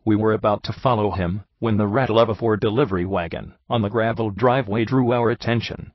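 A man reading an audiobook with steady, measured narration, on a dull, dry recording. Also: fairly low pitch, no room sound. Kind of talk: scripted narration.

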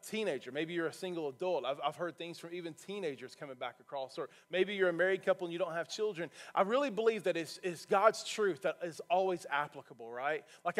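A man's voice: sits high, fairly bright tone. A male pastor preaching a sermon from a church stage, earnest and building to emphatic points.

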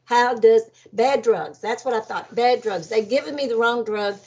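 A woman in her seventies, an energy healer, telling an animated story and acting out other people's voices, with frequent laughs. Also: on the high side, normal speed, breathy edge. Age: 70s. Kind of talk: storytelling about a near-death experience. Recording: dull lo-fi audio.

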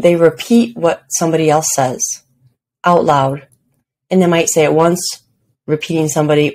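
A woman talks on her own podcast in a loose, chatty way. Her voice sits low. She pokes fun at herself and laughs easily. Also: a little mellow. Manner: chatty and self-deprecating, laughs often at herself. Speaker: podcast host. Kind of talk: casual solo podcast talk.

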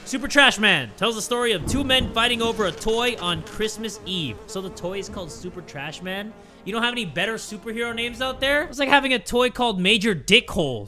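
A man giving let's play commentary as a gaming YouTuber, loud and jokey, swearing often. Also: high voice, expressive, brisk.

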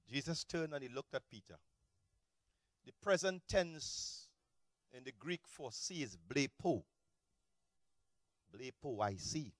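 A man preaching a sermon as a pastor, animated, swinging between shouted peaks and low, quiet asides. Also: no echo.

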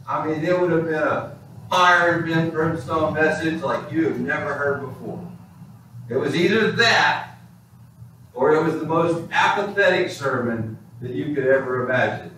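A male pastor preaches in an animated, storytelling way, his voice fairly high for a man. The sound is very echoey, picked up from a distance in a church sanctuary, with faint room noise. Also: normal speed. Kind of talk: sermon. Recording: echoey hall, distant mic.

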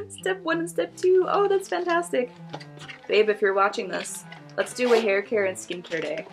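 A woman's voice: mid-range voice, animated, moderate pace, faint music behind. A young woman vlogger casually unboxing beauty products, gushing and giggling as she reads labels aloud.

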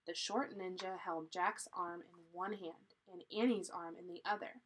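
Slow, teacherly woman storyteller. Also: fairly low pitch, steady tone, fairly bright tone, slightly rough, low-quality recording. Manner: slow, deliberate and teacherly, pausing to explain. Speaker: storybook reader. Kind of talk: reading a children's chapter book aloud.

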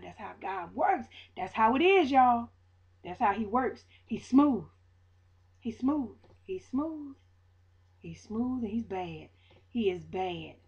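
A woman's voice: fairly high pitch, husky. Preachy woman with lo-fi audio. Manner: preachy, repeats lines for emphasis; Southern US vernacular speech. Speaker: vlogger sharing a faith testimony. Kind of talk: casual spoken testimony to viewers.

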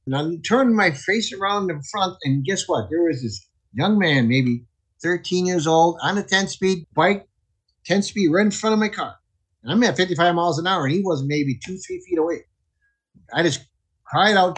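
A man's voice: a little high, lively intonation, a little fast, breathy edge, poor audio. A man, a chaplain guest, earnestly telling a personal testimony and acting out the voices in it. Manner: earnest, vivid storytelling with voiced quotes.

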